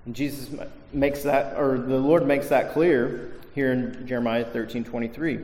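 A man's voice: medium pitch, steady tone, normal speed, darkish tone. A male pastor preaching a sermon to a congregation, stressing key words with emphasis. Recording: echoey hall reverb.

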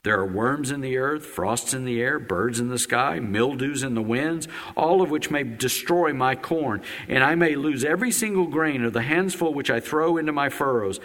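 A man preaching a sermon as the pastor of a church, reading a long quotation and then speaking in his own words, with sharp swings of pitch and loudness. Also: moderate pace, few pauses, long reverb tail. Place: church sanctuary.

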